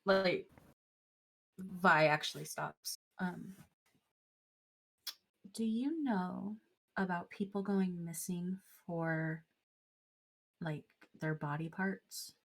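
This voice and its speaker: A woman player in a tabletop game, calmly explaining her character's choices. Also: on the low side, drawn-out words, gravelly, long pauses. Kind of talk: casual tabletop play.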